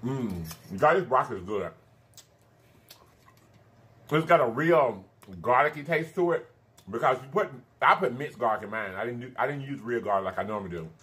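A man's voice: mid-range voice, animated, fairly bright tone. Chatty man eating on camera. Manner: chatty, drawn-out "honey" and "baby" asides, hums while eating. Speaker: mukbang host. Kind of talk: casual eating-show chat.

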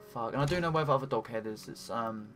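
A man giving let's play commentary while he plays, talking to himself, swearing often and breaking into excited cries. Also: medium pitch, normal speed, soft background music. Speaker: gaming commentator.

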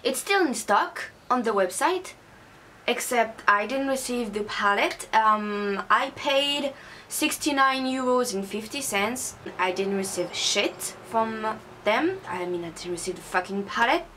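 A woman's voice: fairly high pitch, animated, measured pace, bright, forceful tone, slight background noise. Angry young woman ranting to camera. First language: not English. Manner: angry, swearing rant. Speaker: beauty vlogger. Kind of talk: casual unboxing vlog.

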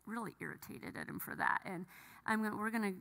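A middle-aged woman gives an emotional personal testimony, halting and full of restarts. Her voice is bright with a gravelly edge. It rings out with the long reverb of a church hall. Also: medium pitch. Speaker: bereaved mother sharing testimony. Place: church sanctuary.

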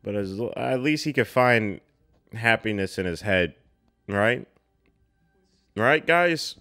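A young man hosting a film reaction, talking casually with loud, excitable outbursts and frequent laughter. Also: on the low side, takes it slowly, faint music behind.

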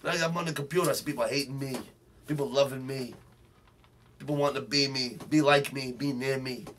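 A man's voice: mid-range voice, steady tone, fairly quick, a little hiss or hum. A man playing a brash, swaggering Brooklyn tough guy, delivering a profane, boastful comedic rant. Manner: boastful, profane, shouting rants. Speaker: comedic character host. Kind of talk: comedic character monologue.

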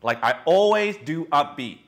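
Young man, somewhat high voice, dating coach, group lecture, blunt and animated, casual fillers. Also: measured pace. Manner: frank, animated storytelling, acting out quotes, many "like"s. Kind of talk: candid lecture to a small group.

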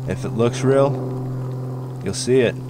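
A man's voice: mid-range voice, a little slow. A man hosting an outdoor cooking vlog, chatty and enthusiastic in a folksy way. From US Midwest. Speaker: outdoor show host. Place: outdoors near woods. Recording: distant outdoor mic, faint noise.

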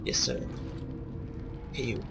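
A man hosting a let's play in casual, joking commentary, with a raspy voice from a sinus cold. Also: slow, very noisy. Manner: joking, chatty. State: congested from a sinus illness. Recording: voice over game music.

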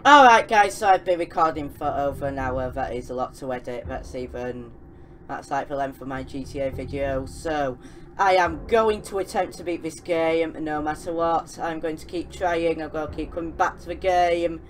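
A young woman commenting on a horror game she is playing, excitable and often yelling at the characters on screen. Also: low-pitched, normal speed, a little hiss or hum. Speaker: gaming channel host. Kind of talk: let's-play commentary.

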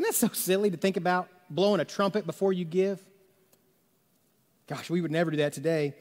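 Joking pastor preaching in a church hall. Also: male voice, high-pitched, fairly even intonation, fairly quick, pauses often, darkish tone. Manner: conversational, jokey storytelling with rhetorical questions. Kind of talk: sermon. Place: church sanctuary.

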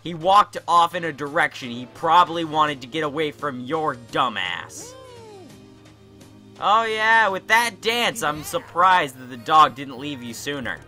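A young man rants over his game with sarcastic, profane commentary. His voice is very bright and fairly high, and he takes his time, drawing his words out slowly. Faint music plays underneath. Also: lively intonation. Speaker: gaming YouTuber. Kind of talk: let's play commentary.

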